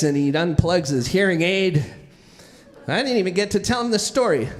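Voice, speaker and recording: Man, live storyteller, animated, restarts with repeated words, unhurried, reverberant hall. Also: sits high. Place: stage at a live venue.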